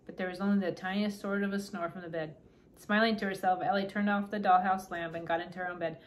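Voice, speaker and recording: A middle-aged woman reading a children's book aloud, gently stopping to point out the pictures. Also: on the low side, fairly even intonation, quick pace, a little hiss or hum.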